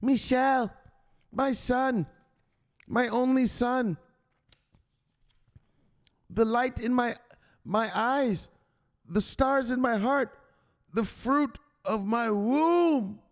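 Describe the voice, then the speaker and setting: A man voicing a fretful, doting older mother who pleads with her son in drawn-out, flowery endearments. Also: very high voice, voice pushed up, exaggerated voice. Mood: doting, pleading.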